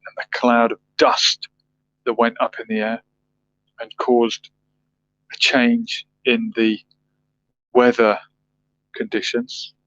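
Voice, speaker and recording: A man's voice: mid-range voice, monotone, slow pace, pauses often, fairly bright tone. A man hosting a livestream, chatting casually, reading viewer comments and musing aloud with rhetorical questions. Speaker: livestream host. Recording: dull lo-fi dry sound.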